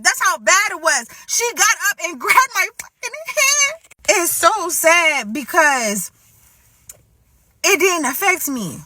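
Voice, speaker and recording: A woman's voice: very high-pitched, very animated, slow pace, background noise. A woman telling a casual storytime in a played clip, rambling and acting out what others said. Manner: rambling, restarts and quotes others.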